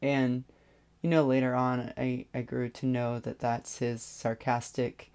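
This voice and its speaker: A vlogger telling a personal story in a hesitant way, with many pauses and restarts. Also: medium pitch, flat delivery, a little mellow, smooth.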